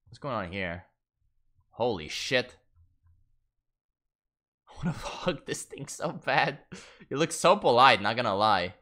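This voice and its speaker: Lively, bright-voiced streamer guy. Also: lowish voice. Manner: profane, laughing, easily sidetracked. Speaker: gaming streamer. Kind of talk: casual livestream commentary.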